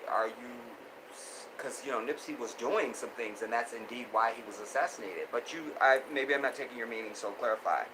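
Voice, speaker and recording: Over some background noise, a man hosts a casual live stream, reading viewers' comments aloud in a brisk, medium-pitched voice. He laughs a lot and keeps repeating phrases as he reacts.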